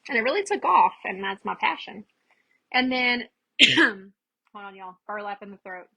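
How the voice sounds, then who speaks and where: A woman's voice: mid-range voice, expressive, moderate pace, creaky, pushed and bright, slightly rough, low-quality recording. A chatty woman, hosting a casual live crafting demo and greeting viewers by name as she works. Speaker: craft livestream host.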